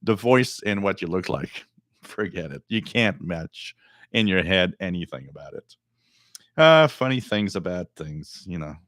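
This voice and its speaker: A middle-aged man with a deep voice hosting a radio live stream, chatting casually and reading viewer comments, rambling and repeating words. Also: lively intonation, a little slow, a bit bright, no room sound, studio quality.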